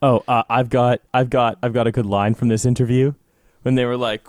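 A man's voice: mid-range voice, fairly even intonation, normal speed, clean tone, no room sound, clean studio sound. A man co-hosting a podcast, talking through a TV episode in a rambling, wry way with many fillers. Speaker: podcast co-host. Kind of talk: casual chat recapping a TV episode.

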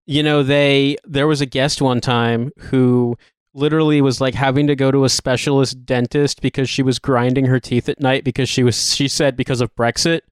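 A man's voice: medium pitch, level tone, moderate pace, smooth, dry recording, studio quality. A man who co-hosts and edits a podcast, chatting casually in a sardonic way. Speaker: podcast co-host and editor. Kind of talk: casual chat. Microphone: remote podcast recording.

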